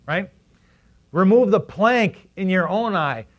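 A man preaching a sermon as pastor, animated, asking the congregation questions and acting out quotes in funny voices. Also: high voice, takes it slowly. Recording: dull lo-fi recording.

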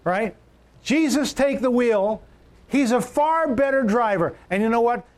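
A male pastor with a notably high voice preaches at a measured pace, animated and emphatic. He repeats key lines, and his pitch rises and falls to drive each point home.

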